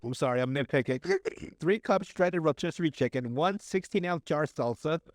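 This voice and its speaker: Slightly high-pitched and animated, this man talks at a normal speed in a clean studio with no room sound. He co-hosts a podcast, reading recipes aloud casually while tripping over words and joking crudely.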